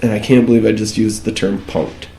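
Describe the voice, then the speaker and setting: A man's voice: on the low side, steady tone, a little fast, vocal fry, mellow. A man from Minnesota co-hosting a podcast, talking politics in a casual, profane, mocking way. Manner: profane, mocking, does brief impressions. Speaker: podcast co-host. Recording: echoey room.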